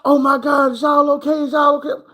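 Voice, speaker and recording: A man voicing an alarmed stranger who shouts at some reckless kids in a shrill, disbelieving way. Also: flat delivery, fairly quick.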